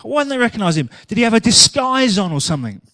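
A man's voice: high voice, very animated, quick pace, bright, forceful tone, no echo, studio quality. A man preaching a sermon in a chatty, humorous storytelling manner.

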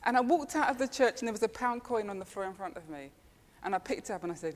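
A woman's voice: medium pitch, lively intonation, fast, few pauses, in a large hall. A woman preaching a sermon, telling chatty personal stories and laughing often. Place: church.

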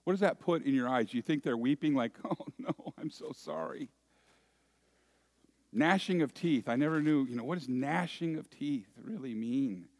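A man preaching a sermon, deliberate, lifting key phrases with emphasis and dropping into quiet asides. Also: medium pitch. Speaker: pastor.

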